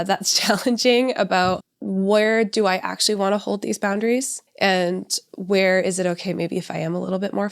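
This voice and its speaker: Her mid-range voice has a creaky quality. She's a woman in her thirties, a parenting educator hosting her own solo parenting podcast, reflecting conversationally and frequently asking "right?".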